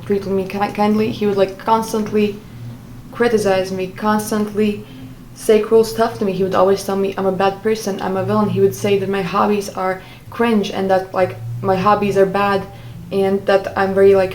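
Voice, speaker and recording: Woman vlogger, mid-range voice, halting personal storytelling full of fillers. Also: medium pitch, darkish tone, a little hiss or hum, rough recording. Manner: hesitant, many "like" fillers and self-corrections.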